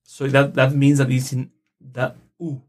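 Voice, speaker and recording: A man's voice: mid-range voice, completely flat delivery, a little mellow. Man patiently teaching phrases. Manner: patient, repeats words slowly for learners. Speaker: Spanish teacher. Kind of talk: casual language lesson.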